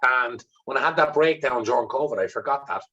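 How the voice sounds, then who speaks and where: An Irish man, a guest in an interview, telling candid stories about himself in a blunt, animated way and swearing freely. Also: medium pitch, brisk, husky, lo-fi sound. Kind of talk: candid storytelling.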